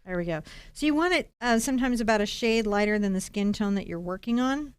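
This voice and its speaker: A woman's voice: medium pitch, quick pace, clean tone, no echo. A middle-aged American woman hosting a live painting lesson, chatting animatedly with viewers as she works. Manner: chatty, animated, warm asides to chat viewers. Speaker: host and painting teacher.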